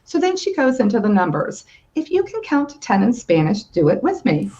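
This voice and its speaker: A woman telling a children's story as a guest on a video call, lively and inviting the listener to join in. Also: on the high side, moderate pace, highs cut off.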